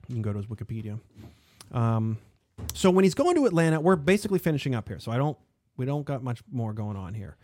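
A man hosting a casual history podcast, talking in an animated, rambling way with lots of fillers. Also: medium pitch, brisk, dry recording. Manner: animated, digressive, frequent fillers. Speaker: podcast host.

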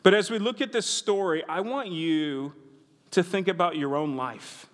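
Male preacher, storytelling sermon, lively and conversational, slightly high voice, big hall echo. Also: normal speed. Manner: animated storytelling, conversational asides. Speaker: pastor.

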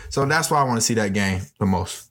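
A man's voice: lowish voice, animated, fast, fairly bright tone. A man co-hosting a casual sports podcast, joking with hyperbole. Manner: joking, hyperbolic, laughs at own bits. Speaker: podcast co-host.

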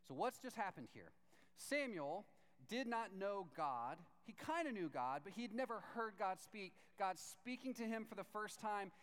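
A man in his thirties preaching a sermon as a pastor, lively and conversational, acting out voices as he tells the story. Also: sits high, unhurried. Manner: animated, acts out voices while reading scripture. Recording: long reverb of a large hall.

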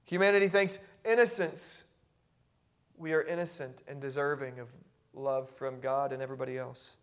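A man preaching a sermon as pastor, moving from quiet reflective passages to loud, emphatic declarations and often repeating words as he builds. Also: medium pitch, steady tone, moderate pace, clear, resonant tone. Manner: repeats and restarts words when carried along.

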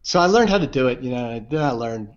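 Animated self-deprecating man telling stories. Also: medium pitch, quick pace, a crowd in the background. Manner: animated, self-deprecating, fillers of "you know". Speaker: guest. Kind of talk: casual conversational storytelling. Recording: dull lo-fi sound.

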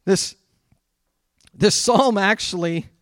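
Man, pastor, sermon, very high voice, dry close sound. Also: takes it slowly, no room sound. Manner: animated preaching that swings from loud scripture reading to quiet prayerful tones. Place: church.

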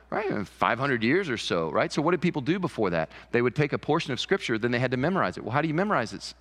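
A man's voice: mid-range voice, a bit bright. A man preaching a sermon as pastor, emphatic, repeating key phrases. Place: church sanctuary. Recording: church hall reverb.

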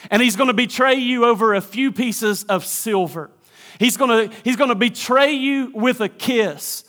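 A male pastor in a dramatic sermon monologue, voicing God the Father as he speaks earnestly to his son and drops to a hushed near-whisper on tender words. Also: high voice.

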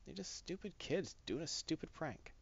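A man voicing a gruff, weary male strongman, speaking low and resigned. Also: lively intonation, normal speed, dry recording. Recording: dull, dry lo-fi recording.

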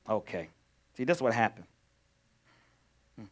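A man preaching a sermon as pastor, swinging between quiet talk and loud, urgent emphasis. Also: fairly high pitch, lively intonation, moderate pace.

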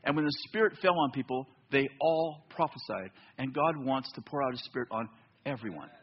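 A man preaching a sermon in a church, telling a story with lively back-and-forth dialogue. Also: mid-range voice, fairly quick, slightly rough, dull audio. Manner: animated storytelling, acts out both sides of dialogue. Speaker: pastor.

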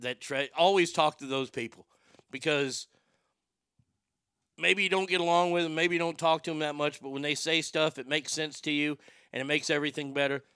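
A man's voice: fairly high pitch, bright, forceful tone, clear, resonant tone, no room sound. A male radio host telling personal stories in a rambling, profane, darkly funny way. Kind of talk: casual storytelling monologue.

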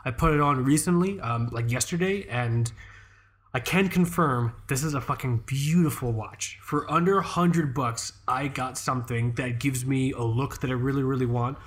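A man's voice: mid-range voice, moderate pace. Rambling, swearing man chatting casually. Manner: rambling, profane, lots of fillers and restarts. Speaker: podcast co-host. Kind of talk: casual chat.

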